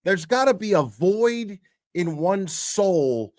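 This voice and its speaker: A man's voice: high-pitched, animated, slow pace, darkish tone, no room sound, studio quality. A man hosting a casual reaction show, talking bluntly with lots of swearing and filler words. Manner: blunt, swears a lot, rambling with many fillers. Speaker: commentary host. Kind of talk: casual profane reaction commentary.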